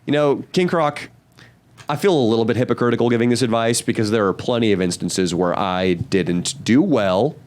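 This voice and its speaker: A man's voice: medium pitch, normal speed, a little mellow. A man co-hosting a podcast, asking teasing, joking questions in casual chat. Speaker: podcast co-host.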